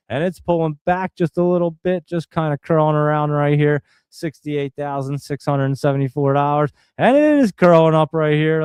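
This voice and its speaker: A man hosting a stream, giving casual live play-by-play commentary in a chatty, excitable way and talking straight to his viewers. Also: a little high, clean tone, dry recording. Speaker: stream host.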